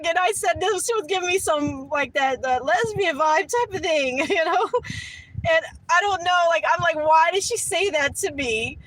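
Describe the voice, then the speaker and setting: Animated high-voiced woman telling a story. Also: a little fast, slight background noise, low-quality recording. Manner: animated, laughing, voice shoots up high when outraged. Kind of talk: casual storytelling.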